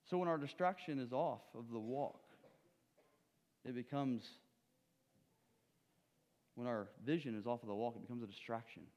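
A man preaching a sermon, swinging from loud urging to hushed low asides, with rhetorical questions and acted-out stories. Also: moderate pace, pauses often, in a large hall.

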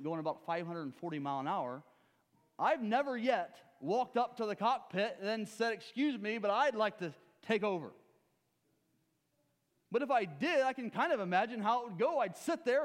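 A man preaching a sermon, swinging from loud urging to hushed low asides, with rhetorical questions and acted-out stories. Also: expressive, fairly quick, big-room sound.

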